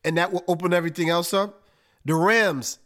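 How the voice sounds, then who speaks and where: A man talks through football picks with emphatic energy and street slang. His voice sits a little high for a man. He speaks like a casual host chatting with his listeners. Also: a little fast. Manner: animated, emphatic, folksy with slang. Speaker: podcast host. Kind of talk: casual sports analysis.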